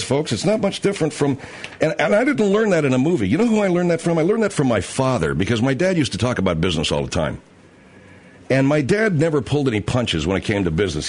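A man hosting a talk show, ranting bluntly and mockingly, often acting out other people's lines. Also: mid-range voice. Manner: blunt, profane, mocking, puts on voices of others. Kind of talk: ranting commentary with acted-out dialogue.

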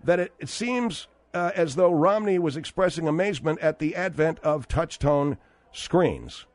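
A man hosting a talk radio show, chatting casually with a caller and pausing on fillers. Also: fairly high pitch, animated, no echo. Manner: conversational, hesitant with fillers. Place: radio studio. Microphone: studio microphone.

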